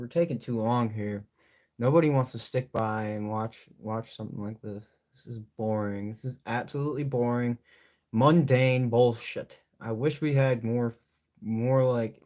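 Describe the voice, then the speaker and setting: A man's voice: mid-range voice, a little mellow. A young man talking loosely while painting on a live stream, joking to himself and his chat and swearing freely. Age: young adult.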